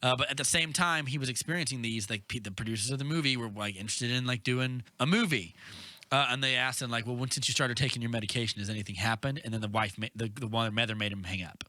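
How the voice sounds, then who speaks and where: A man's voice: medium pitch, quick pace, sharp tone, dry recording. A man co-hosting a film podcast, chatting casually, joking and laughing often. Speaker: podcast co-host. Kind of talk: casual chat.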